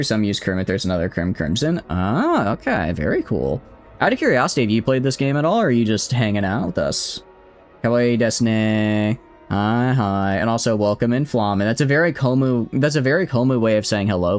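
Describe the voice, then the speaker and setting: A man's voice: fairly low pitch, very animated, fairly quick, faint music behind. A man with a Southern US accent, a game streamer talking playfully and teasingly to his chat while he plays. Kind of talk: casual live-stream chat.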